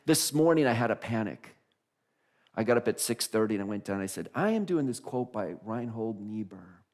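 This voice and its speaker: A male minister giving a conversational sermon in a church, animated, often restarting phrases and laughing. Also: fairly low pitch, fast talker. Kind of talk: casual sermon. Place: church sanctuary.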